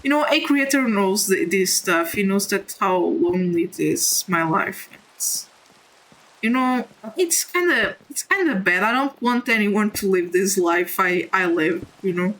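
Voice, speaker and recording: A woman with a non-native English accent chatting candidly on a live stream while gaming, halting and apologetic. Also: mid-range voice, expressive, fairly bright tone, rough recording.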